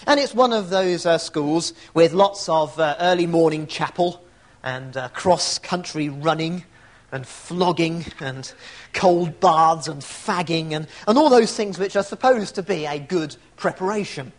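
A man's voice: fairly high pitch, unhurried. A man preaching an evening sermon, reflective and asking rhetorical tag questions.

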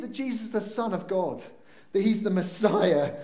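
A man preaching a lively sermon, swinging between excited bursts and hushed, slowed moments. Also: high voice. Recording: roomy echo.

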